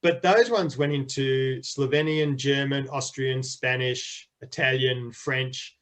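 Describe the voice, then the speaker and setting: A man's voice: mid-range voice, fairly even intonation, slow pace, a bit bright. A middle-aged man, a children's author, chatting enthusiastically in an interview with frequent restarts. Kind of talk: casual interview chat.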